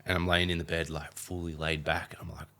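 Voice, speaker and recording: A young man with an Australian accent and a very low voice tells a story in a casual interview. He rambles, piles on fillers and acts out what people said. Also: level tone, quick pace, bright, forceful tone. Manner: rambling, filler-heavy retelling with acted-out quotes. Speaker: podcast guest, athlete.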